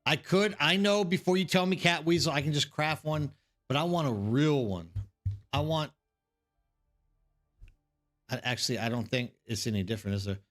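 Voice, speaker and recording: A man's voice: on the high side, normal speed, long pauses, a bit bright, soft background music. A man streaming a game live, chatting casually and rambling to his viewers, calling them by name.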